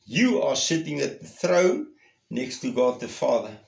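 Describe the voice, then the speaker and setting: A man preaching a sermon, earnest and emphatic, at times raising his voice and at times dropping to a hushed tone. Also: medium pitch, big pitch swings, a little slow, vocal fry, reverberant. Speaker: pastor.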